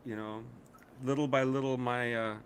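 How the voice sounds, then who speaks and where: A middle-aged man co-hosts a casual podcast chat in a steady, mid-range voice at a moderate pace, with a little hiss or hum in the recording. He swears a lot, rants, and laughs often.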